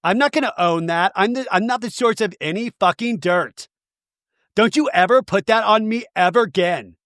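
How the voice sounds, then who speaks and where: A man's voice: a little high, lively intonation, a bit bright, no echo, clean studio sound. A man doing an impression of a defensive reality TV woman who swears indignantly. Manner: indignant, profane, drawn-out.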